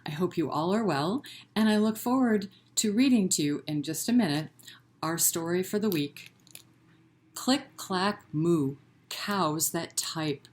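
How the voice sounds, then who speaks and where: A woman leading a children's library storytime, reading a picture book aloud in an animated way and inviting the children to chant along. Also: lowish voice, measured pace. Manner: gentle and encouraging with children.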